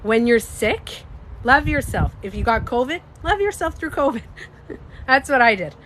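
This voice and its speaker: A woman with a somewhat high voice and a slightly stuffy nose, talking casually on a livestream. She is animated and emphatic, swears freely and speaks straight to her viewers. A faint hum of background noise sits behind her. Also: unhurried. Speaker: livestreamer and beauty coach.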